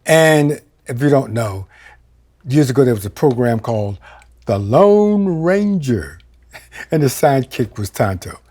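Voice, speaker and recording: A male minister preaching a sermon, telling a personal story and swinging between loud exclamations and quiet asides. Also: mid-range voice, very animated, unhurried.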